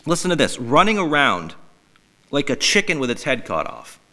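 Animated, bright-voiced man ranting on a podcast. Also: mid-range voice, moderate pace. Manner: profane, animated, mock-outraged. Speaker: podcast host. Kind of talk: casual comedic podcast rant.

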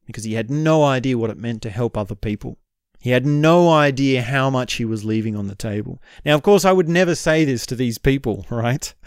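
A man's voice: mid-range voice, a little mellow, dry recording, clean studio sound. A man talking straight to his own camera in a casual vlog monologue, reflective and rambling, with frequent "right?" asides. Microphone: camera mic.

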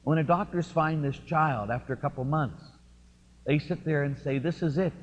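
A man preaching a sermon as pastor, telling a story with impassioned swings between loud and hushed. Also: fairly high pitch, moderate pace. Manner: impassioned storytelling, rising and falling. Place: church. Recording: lo-fi recording in a reverberant church.

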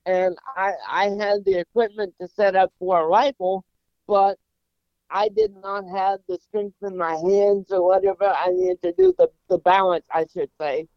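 A man in his forties, a guest telling a humorous personal story in an animated way, often repeating words as he starts a sentence. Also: high-pitched, moderate pace, creaky, dry recording. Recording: slightly dull, muffled sound.

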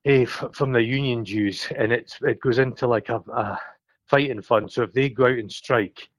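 A man from Scotland with a Scottish accent, ill and out of breath, chatting excitably and swearing freely as a podcast co-host on a phone call. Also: mid-range voice, moderate pace, no room sound. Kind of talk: casual chat on a phone call.

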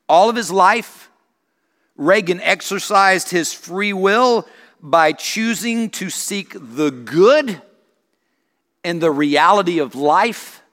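A male senior pastor preaching a sermon, telling stories in an animated way. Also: high-pitched. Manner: animated storytelling with acted voices. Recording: long reverb of a church hall.

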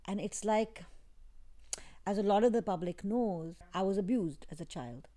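A woman as an interview guest, talking in a soft, halting, reflective way with many restarts. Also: medium pitch. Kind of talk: emotional personal interview. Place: in England.

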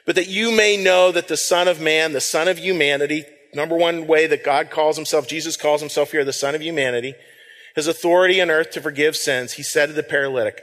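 A man's voice: fairly high pitch, steady tone, fairly quick, a bit bright, big-room sound. A man giving a sermon as pastor, speaking in a conversational way and repeating words as he reads scripture aloud. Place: church sanctuary.

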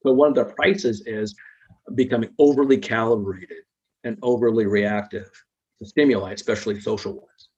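A man with a husky, breathy voice explains psychology concepts patiently as an interview guest. He keeps checking in with little tag questions. The recording sounds dull and lo-fi. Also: fairly low pitch, fairly even intonation, normal speed, a little mellow.

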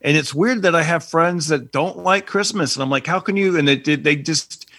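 Easygoing laughing man, slightly high voice. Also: normal speed, pushed and bright, no echo, clean studio sound. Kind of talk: casual chat.

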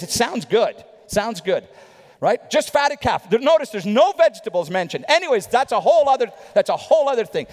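Animated high-voiced male preacher, reverberant hall. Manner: animated storytelling, rhetorical questions, asides. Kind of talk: sermon.

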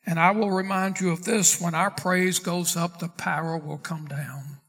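A pastor delivers an expository sermon in a high voice for a man. He reads scripture slowly and deliberately and calls out questions to his congregation. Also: steady tone, a bit bright. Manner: preaching, reading scripture aloud slowly.

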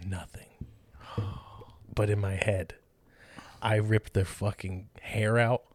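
A man's voice: fairly low pitch, steady tone, slow pace, no echo. A man co-hosting a comedy podcast, telling stories in a profane, emphatic way. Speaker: podcast co-host. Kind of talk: casual comedy chat.

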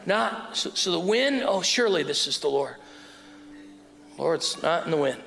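A middle-aged man preaching a sermon on a mic, calling out to the congregation and swinging from loud to hushed. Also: a little high, expressive, unhurried, creaky, pauses often. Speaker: pastor. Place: church hall. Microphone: wearing a mic. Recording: sermon in a hall with music.

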